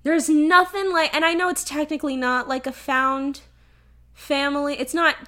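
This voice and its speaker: A woman's voice: high-pitched, fairly even intonation, normal speed, fairly bright tone. A woman co-hosting a casual chat, animatedly recapping a movie with lots of swearing and "like" fillers.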